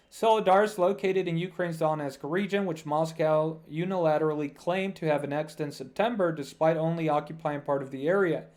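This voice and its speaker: A man's voice: on the high side, darkish tone. A man giving casual news commentary to his viewers over a map, talking loosely with many "uh" fillers and calling the audience "guys".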